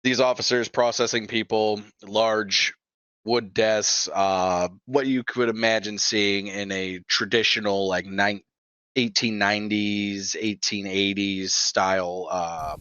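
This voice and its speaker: Bright-voiced man running a tabletop game. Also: on the low side, fairly even intonation, slow pace, clean tone, no room sound. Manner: loose and laughing, breaks into yelling as a character. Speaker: game master. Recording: dull lo-fi mic in a dry room.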